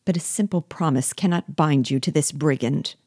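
A woman's voice: low voice, normal speed, dark tone, husky, no room sound, clean studio sound. A woman reading as an indignant, loyal young hero. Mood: urgent. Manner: urgent, indignant questioning. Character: passionate young man, loyal rescuer, quick to anger.

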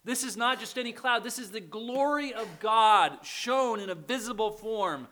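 A man's voice: high-pitched, normal speed, sharp tone. A man preaching a sermon in a conversational way, often checking in with his listeners. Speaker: pastor.

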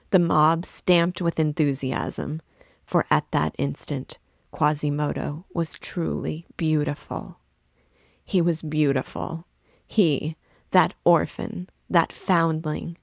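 Low-pitched woman reader, slow and measured literary narration, some vocal fry. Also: no room sound, studio quality. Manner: measured, deliberate reading. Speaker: book reader and guide. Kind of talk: literary read-aloud narration.

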